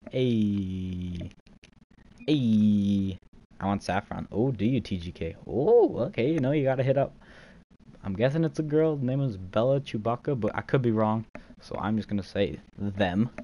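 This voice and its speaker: Laid-back male streamer on a live gaming stream, slightly low voice, jokey chat reader, faint background noise. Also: mellow, poor audio. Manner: joking, laid-back, reads chat aloud. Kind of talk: casual livestream chat while trading.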